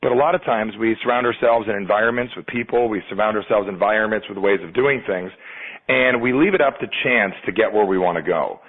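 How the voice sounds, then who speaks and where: Guy giving a motivational talk, talks fast, kinda husky, sounds like it's over a phone line. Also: fairly low pitch. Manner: energetic storyteller, acts out quoted voices. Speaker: results coach.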